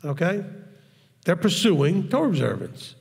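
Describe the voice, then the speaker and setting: A man's voice: high-pitched, wildly swooping pitch, measured pace, creaky, a little mellow, in a large hall. A man teaching the Bible in a blunt, hard, straightforward way, often checking in with his listeners. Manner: conversational, asks the audience questions. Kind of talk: informal recorded teaching.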